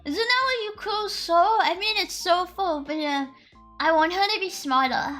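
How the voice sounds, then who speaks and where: A woman's voice: very high-pitched, moderate pace, fairly bright tone. A woman streamer chatting casually with her audience on a live stream. She giggles often, is sarcastic and swears freely. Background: faint lo-fi music.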